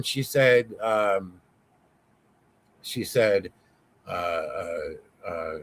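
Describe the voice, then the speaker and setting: A man guesting on an interview, telling a story in a rambling, excitable way, full of swearing and fillers. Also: lowish voice, a little slow. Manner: rambling, profane, lots of fillers; excitable, voice rising as he tells it.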